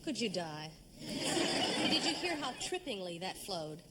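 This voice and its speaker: A woman's voice: mid-range voice, big pitch swings, slow, very noisy. A woman from Texas hosting a variety show, bantering on stage in a bubbly, laughing way. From San Antonio, Texas. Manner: bubbly, laughing, sing-song. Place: TV studio stage with audience.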